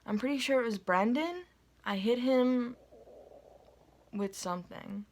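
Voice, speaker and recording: A woman's voice: a little high, unhurried. A woman casually telling a dream to her viewers in a rambling way, full of fillers and asides. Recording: phone recording, unedited.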